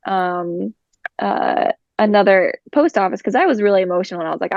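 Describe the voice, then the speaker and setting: A woman's voice: mid-range voice, brisk, creaky, darkish tone, no room sound. A woman guest telling a personal story in casual conversation, chatty and full of fillers. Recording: dull lo-fi recording.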